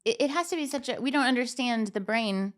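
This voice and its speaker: A woman hosting an interview, gentle and sympathetic, with many affirming murmurs. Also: a little high, brisk. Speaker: podcast host.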